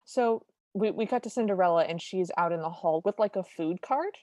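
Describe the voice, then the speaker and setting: A woman's voice: lowish voice, a little fast, a little mellow, no room sound. Wry woman podcast co-host. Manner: wry, detailed, opinionated. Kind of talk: casual chat recapping a film.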